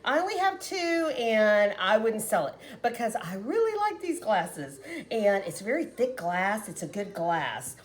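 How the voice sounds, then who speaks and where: A woman's voice: medium pitch, big pitch swings, a little slow. A woman hosting a casual home cooking video, chatty and folksy, talking straight to her viewers.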